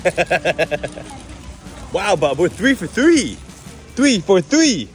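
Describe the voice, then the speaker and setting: Playful, slow-talking dad vlogger. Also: male voice, high-pitched, big pitch swings. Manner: playful sing-song baby talk, laughs often. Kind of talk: casual family vlog chat. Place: inside a big warehouse store. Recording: background music under the voice.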